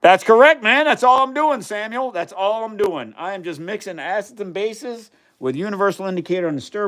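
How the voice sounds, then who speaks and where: An enthusiastic man in his fifties with a slightly higher voice chats casually on a livestream. He explains acids and bases in plain words and reads out viewers' questions as he goes. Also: fairly bright tone, smooth. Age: 50s. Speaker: chemistry livestream host. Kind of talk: casual live-stream chat while doing experiments.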